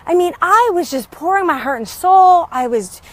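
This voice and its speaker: High-voiced upbeat woman vlogging outdoors. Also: lively intonation, moderate pace. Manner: chatty, upbeat, greets neighbors mid-talk. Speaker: business coach. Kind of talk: casual motivational vlog. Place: outdoors in her neighborhood.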